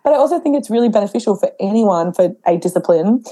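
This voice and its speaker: A young pregnant woman talks quickly as a podcast guest. Her voice is mellow and warm. She tells stories in a lively way and acts out her own past dialogue. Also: medium pitch. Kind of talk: casual interview chat.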